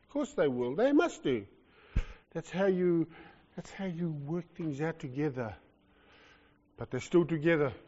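New Zealand male preacher, fairly high voice, lively and joking, dull muffled sound. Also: a little slow, long pauses, in a large hall. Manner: animated, jokey, swings from loud to soft. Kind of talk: sermon. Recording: lo-fi muffled recording.

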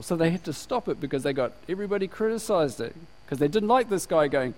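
A man's voice: a little high, expressive, fast, hardly any pauses, low-quality recording. A man from New Zealand preaching a sermon with energy, laughing and slipping into put-on voices to make his points. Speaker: pastor.

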